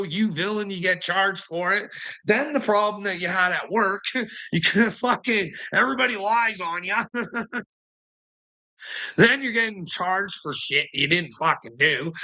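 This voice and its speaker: A man's voice: fairly high pitch, bright, forceful tone. A man in an angry monologue, swearing constantly, ranting and laughing bitterly between lines. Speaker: vlogger.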